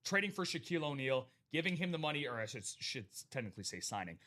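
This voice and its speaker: A man hosting a live sports memorabilia stream, talking in an energetic hype style and greeting viewers by name. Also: mid-range voice, quick pace. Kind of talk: casual live-stream chat.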